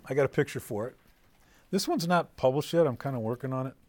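Speaking fast at a medium pitch, a middle-aged man instructs preachers during a lively, playful session. He quizzes the crowd and shifts back and forth between loud and soft.

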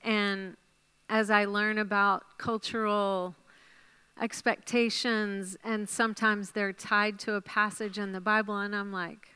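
Woman, Bible study teacher, slow unhurried delivery, bright clear voice, encouraging class discussion. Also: mid-range voice, flat delivery. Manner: encouraging, praises answers, thinks aloud while writing.

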